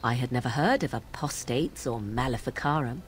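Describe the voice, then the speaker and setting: A woman's voice: very deep voice, lively intonation, moderate pace, soft background music. Morrigan, a sardonic young witch. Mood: cool wry. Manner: archaic cool speech, wry amusement. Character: young witch woman, aloof, sardonic, mocking. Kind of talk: video game voice acting.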